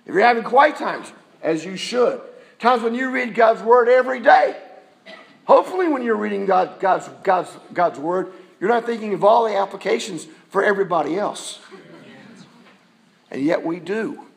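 A pastor preaches in a church in a high voice with a gravelly fry. He is animated and speaks at a normal speed, talking conversationally to the congregation and peppering them with rhetorical questions.

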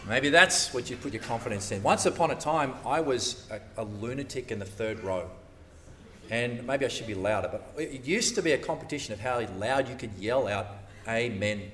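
An animated man preaching a sermon, his bright voice swinging widely up and down as he acts out what churchgoers might say. He sits a little back from the microphone, so his voice carries some distance. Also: medium pitch, normal speed, slight background noise.

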